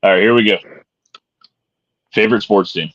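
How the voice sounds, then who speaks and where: A man's voice: on the low side, moderate pace, fairly bright tone, slightly rough, no room sound. A man co-hosting a podcast in casual chat, laid-back, swearing and joking as he asks questions. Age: adult. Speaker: podcast co-host asking questions. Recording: dull dry lo-fi sound.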